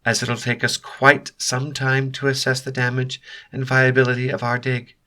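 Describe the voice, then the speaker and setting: A man's voice: medium pitch, completely flat delivery, moderate pace, pushed and bright, pitched above the performer's own voice, close to an everyday voice. A man voicing a fretful male professor who frets over the damage.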